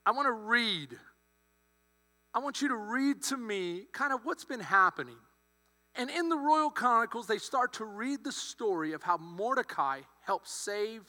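A man preaching with a very high, sharp, ringing voice, acting out the characters as he tells the story. His sermon echoes with a long reverb through a church hall over a low mains hum. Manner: animated, acts out characters' lines. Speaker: pastor.

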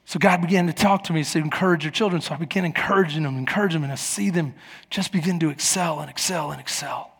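High-voiced pastor preaching in a hall. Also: male voice, fast, creaky, husky. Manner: animated storytelling, acting out voices. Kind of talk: sermon. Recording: long hall reverb.

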